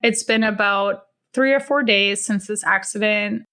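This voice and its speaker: A young woman telling a personal story in a relaxed, conversational way, slipping into the voices of the people she quotes. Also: mid-range voice, measured pace, smooth. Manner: conversational, acts out the dialogue in quotes. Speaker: guest storyteller. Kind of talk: first-person true story told to a podcast.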